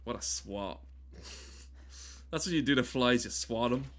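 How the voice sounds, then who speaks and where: A male streamer chatting loosely over his gameplay, cursing freely and cutting himself off mid-sentence. His voice sits at an ordinary middle pitch, neither high nor low. He jokes with his chat as he plays. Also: unhurried, a bit bright. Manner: rambling, swearing, self-interrupting, joking with chat. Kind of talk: casual gaming stream commentary.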